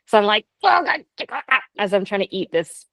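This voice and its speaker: A woman's voice: mid-range voice, fairly even intonation, fast talker, no room sound. A woman, co-hosting a podcast in casual chat, playful and rambling as she explains things. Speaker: podcast co-host.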